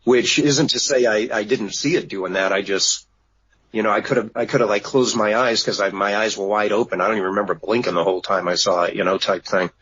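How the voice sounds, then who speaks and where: A man telling of a sighting in a halting way with many restarts, as a guest on a remote interview. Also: on the low side, fairly even intonation, a bit bright, breathy edge. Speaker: guest witness. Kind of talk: casual radio interview. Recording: dull lo-fi remote line.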